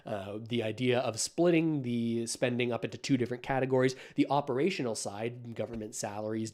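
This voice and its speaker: A man hosting a live-stream commentary, talking in a measured, skeptical way with many ums and uhs. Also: medium pitch, a little mellow. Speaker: political commentary host.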